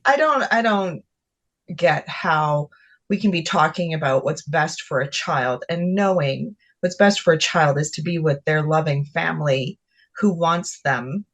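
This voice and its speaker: A woman with a fairly low voice chimes in as co-host in casual conversation. She sounds indignant and keeps groping for the right words. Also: a little slow. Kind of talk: casual chat.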